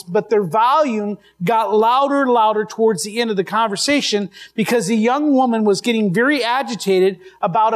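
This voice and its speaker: Male pastor, high-pitched, chatty sermon delivery with restarts, live church mic. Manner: conversational storytelling with restarts.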